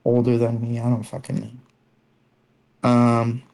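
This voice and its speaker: A man's voice: mid-range voice, monotone, measured pace, a little mellow. Rambling, foul-mouthed young guy. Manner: rambling, heavy swearing, many fillers. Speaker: storyteller among friends. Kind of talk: casual chat. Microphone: online call.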